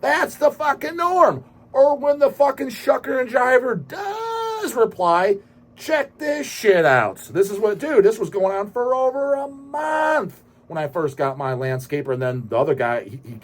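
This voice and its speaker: A brash man rants with heavy swearing in a slightly high, husky voice. His pitch swings widely, and he breaks into sudden loud bursts. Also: big pitch swings, moderate pace. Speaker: channel host. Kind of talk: profane ranting monologue.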